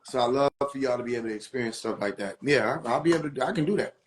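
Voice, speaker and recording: Racing along in a medium-pitched voice, a livestream host delivers casual, preachy spiritual teaching. He keeps repeating his points and throwing questions at his viewers.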